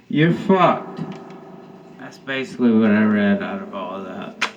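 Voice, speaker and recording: A man's voice: lowish voice, expressive, unhurried, far from the mic, muffled recording, slight background noise. A man doing a stand-up comedy set, telling rambling, profane stories.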